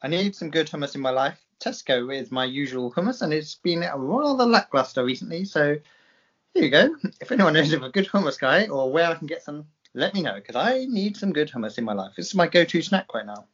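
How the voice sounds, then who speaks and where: A man's voice: fairly high pitch, very animated, a little fast, a bit bright, breathy edge, highs cut off. A man co-hosting a podcast in casual chat, sarcastic and teasing, swearing freely. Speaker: podcast co-host.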